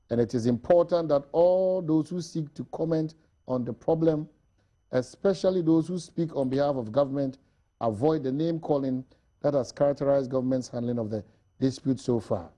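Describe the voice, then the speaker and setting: A man with a Ghanaian English accent, hosting a newspaper review and reading an editorial aloud in a measured, formal way. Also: a little high, warm tone.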